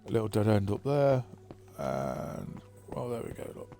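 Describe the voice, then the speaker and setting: A man giving a relaxed, rambling tour of his game map, thinking aloud with plenty of fillers. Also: on the low side, measured pace, gravelly. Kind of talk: casual gameplay commentary. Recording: faint background music.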